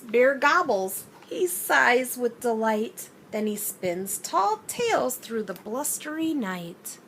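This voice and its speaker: Woman, teacher, picture-book read-aloud, sing-song, slow, bright voice. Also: fairly high pitch, slight background noise. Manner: expressive, sing-song, asking the listener questions. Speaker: childcare teacher reading aloud.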